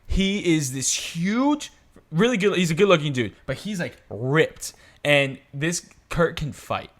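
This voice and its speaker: A young man with a somewhat high voice tells stories on a casual podcast. He slips into loud acted-out quotes and keeps the pace lively. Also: unhurried. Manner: lively, acts out quotes loudly. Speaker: podcast co-host. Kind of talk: casual storytelling chat.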